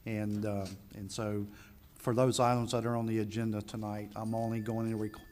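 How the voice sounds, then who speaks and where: A man's voice: lowish voice, flat delivery, moderate pace, a little mellow, a little hiss or hum. A man at a county meeting giving staff reminders in a plain, matter-of-fact way. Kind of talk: meeting remarks.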